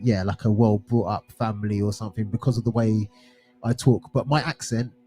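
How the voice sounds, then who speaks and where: A man's voice: on the low side, steady tone, brisk. A young man with an English home counties accent, chatting casually as co-host of a music show and rambling with restarts. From England. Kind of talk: casual chat. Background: music playing.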